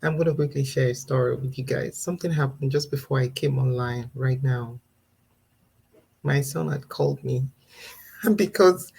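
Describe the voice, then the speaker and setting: The audio is poor, and her voice sits low, creaky and husky with a darkish tone. A mother in her thirties who vlogs about parenting, she talks earnestly and reflectively in a casual live-stream, laughing now and then between points.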